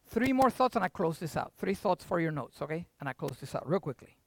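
Animated older preacher, dry close sound. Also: mid-range voice, fast, vocal fry, hardly any pauses, no room sound. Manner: animated, jumps from hushed to loud. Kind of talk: sermon.

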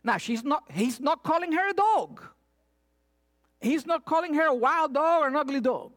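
A woman preaching a sermon, retelling scripture with animated asides and acted-out cries. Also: high voice, normal speed. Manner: animated, acts out voices and cries.

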